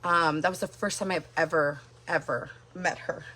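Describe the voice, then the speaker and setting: A woman's voice: low-pitched, steady tone, normal speed, sharp tone. A woman hosting a livestream, telling a personal story in a casual, rambling way full of filler words.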